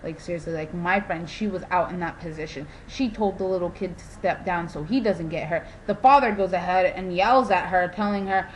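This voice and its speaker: A woman's voice: fairly low pitch, brisk, few pauses, slight background noise, poor audio. Exasperated young woman ranting. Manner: exasperated, animated storytelling, lots of "like". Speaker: vlogger. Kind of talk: casual ranting vlog.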